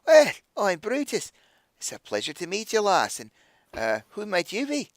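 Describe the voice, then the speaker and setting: A man voicing a gentle, courteous old male dwarf who speaks softly and gallantly. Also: high-pitched, huge pitch swings, normal speed, dry recording, voice pushed up, full character voice. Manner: gentle, gallant, soft-spoken.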